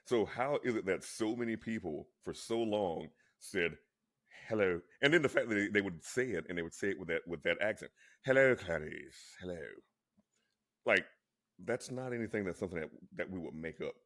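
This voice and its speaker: A man's voice: sits low, fast, hardly any pauses. A man co-hosting a casual chat, talking insistently and restarting his words a lot. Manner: insistent, animated when arguing; many restarts and repeated words. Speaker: co-host.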